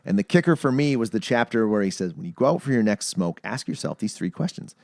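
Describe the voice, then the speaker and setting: Animated man telling stories on a podcast. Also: lowish voice, quick pace, gravelly, no echo, clean studio sound. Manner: animated storyteller, acts out quoted voices. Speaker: podcast host. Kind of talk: casual podcast chat.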